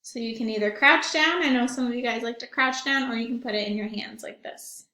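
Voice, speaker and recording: A woman's voice: fairly high pitch, a little fast, pushed and bright, roomy sound. A woman leading a children's library story time, with encouraging talk and little sing-song rhymes. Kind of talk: children's song and movement session. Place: at home, recorded remotely.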